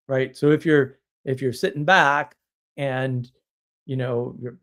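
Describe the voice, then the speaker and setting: A man hosting a live stream, talking in a casual monologue that rambles with restarts and chuckles, blunt and wry. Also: mid-range voice.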